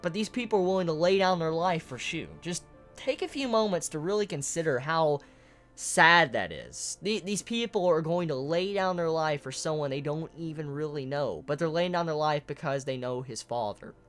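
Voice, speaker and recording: Excitable, swearing manga reviewer. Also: medium pitch, normal speed, soft background music. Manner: excitable and emotional, swears often. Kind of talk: casual spoken chapter analysis.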